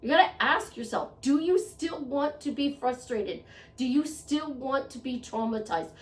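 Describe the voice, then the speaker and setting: An earnest woman, a self-help vlogger, offers advice in a motivational monologue to the camera. Her voice is high, expressive, and a little slow, and her manner is conversational, with phrases repeated for emphasis. She's recorded in an echoey room, a little away from the mic.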